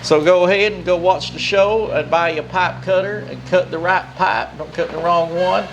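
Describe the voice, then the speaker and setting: A man's voice: high voice, steady tone, moderate pace, a bit bright, lo-fi sound, slight background noise. A man hosting a tool review channel, talking in a casual, rambling, crude joking way.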